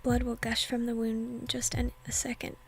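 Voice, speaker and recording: A woman reading a teenage boy's inner monologue from a visual novel in a hushed, whispery voice, bitter and defiant. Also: fairly high pitch, completely flat delivery, normal speed, slight background noise, natural voice. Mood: grim. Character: teenage boy hero facing death, angry.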